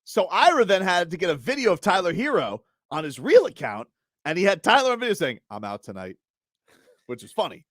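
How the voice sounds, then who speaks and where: Male sports radio host with a raised, lively voice; riffs and rants in mock outrage, close dry studio mic. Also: high voice, fast talker, dry recording. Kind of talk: casual sports talk radio banter. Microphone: studio microphone.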